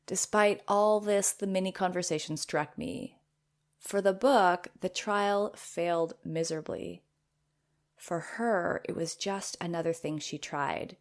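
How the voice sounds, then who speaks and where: A woman podcast host reads her old blog post aloud and breaks in with playful, self-amused comments. Her voice sits low and carries a gravelly edge. She talks in an animated, lively way. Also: a little slow.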